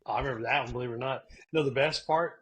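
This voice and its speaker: A man co-hosting a podcast in casual chat, rambling through stories with quick joking asides. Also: medium pitch, fairly bright tone, breathy edge. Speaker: podcast co-host.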